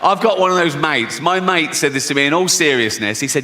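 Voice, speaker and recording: A man's voice: fairly high pitch, lively intonation, a little fast, hardly any pauses, sharp tone. A man performing stand-up comedy, telling crude, sardonic stories full of swearing. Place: live comedy venue on stage. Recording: live hall reverb, faint noise.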